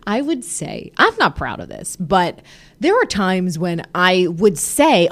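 A woman in her thirties hosting a podcast, chatting casually with her husband, animated with frequent laughs and fillers. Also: mid-range voice, unhurried. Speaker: podcast host.

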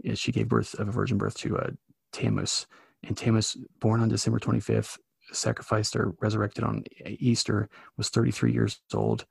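Brief: male podcast co-host, low gravelly voice with a husky rasp, swears a lot. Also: a little fast, no room sound. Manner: profane, animated storytelling. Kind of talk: casual podcast chat.

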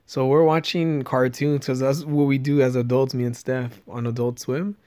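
A man's voice: mid-range voice, little pitch movement, normal speed, dark tone, clear, resonant tone. A young man co-hosting a podcast, talking casually and crudely, joking and laughing often. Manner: laughing, joking, loose and profane. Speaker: podcast co-host.

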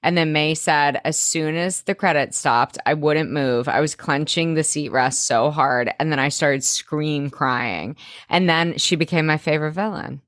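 Animated woman podcast co-host, low voice. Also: unhurried, no echo, clean studio sound. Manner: animated, enthusiastic, swears freely. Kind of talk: casual chat, TV rewatch recap.

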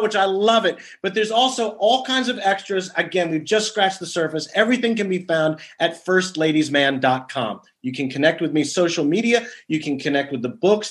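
Earnest man guest, slightly high voice. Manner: earnest, storytelling, restarts mid-thought. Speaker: podcast guest, author. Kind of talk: podcast interview.

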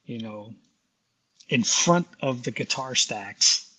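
Brief: male musician recounting his career in an interview, loose and rambling, laughing now and then, with a husky edge to his voice. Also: mid-range voice, animated, slow, sharp tone. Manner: rambling, many "you know" fillers, laughs often. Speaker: guest musician. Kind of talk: casual interview storytelling.

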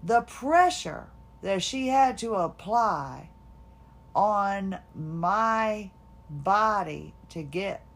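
A woman's voice: mid-range voice, very slow. A woman hosting a podcast, telling a personal story in a chatty, laughing way, quoting others, tired and finding it hard to talk. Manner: chatty, laughing, animated retelling with quoted voices. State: fatigued, hard time talking. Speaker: podcast host.

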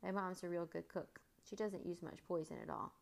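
A woman's voice: lowish voice, normal speed, creaky. A woman voicing a friendly young boy in a storybook reading, talking casually. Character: friendly boy, a kid detective.

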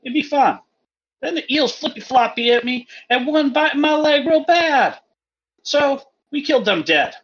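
Man putting on a high, childlike simpleton reading a diary, broken grammar, over a dull lo-fi call. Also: lively intonation, a little slow, fairly bright tone, exaggerated voice. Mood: gleeful. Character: simple-minded, childlike character writing a diary. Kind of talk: reading an in-character diary entry.

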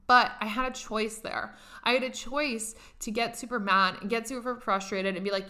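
Young woman, bright forward voice, candid and profane casual storyteller. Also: fairly high pitch, fairly even intonation, moderate pace. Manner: candid, profane, laughs often.

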